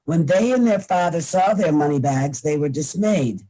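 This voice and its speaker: A man reading scripture aloud, plain and steady, on a video call. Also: a little high, normal speed, low-quality recording. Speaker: verse reader.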